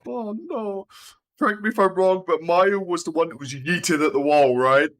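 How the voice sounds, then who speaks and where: A man's voice: high voice, moderate pace, a bit bright. A man giving casual, joking commentary while playing a video game, swearing freely. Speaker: let's play gamer.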